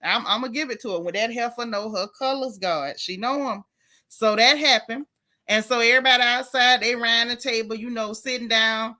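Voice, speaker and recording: Sassy, bright-voiced woman host. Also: on the high side, brisk. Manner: sassy, animated storytelling with slang. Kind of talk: casual reality TV recap commentary.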